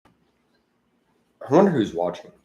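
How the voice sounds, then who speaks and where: A man co-hosting a podcast, telling animated anecdotes in casual chat. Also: on the low side, slow pace, lo-fi sound, heavy background noise. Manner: talkative, animated anecdote teller. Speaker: podcast co-host. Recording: roomy echoey room.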